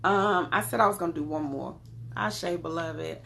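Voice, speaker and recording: A woman with a Southern US accent talks loosely to her live-stream audience as she pulls tarot cards, addressing them as y'all and beloved. Her voice sits on the low side with plenty of gravelly fry, over a faint hiss of background noise. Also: moderate pace, bright, forceful tone. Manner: chatty, calls viewers y'all and beloved. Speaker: tarot card reader. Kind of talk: casual live-stream chat with viewers.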